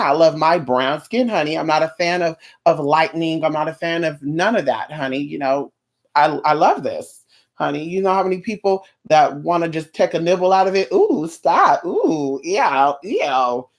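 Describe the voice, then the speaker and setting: A woman's voice: deep voice, brisk. A woman ranting in a casual vlog, sassy and blunt, with plenty of profanity and mocking asides. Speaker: vlogger.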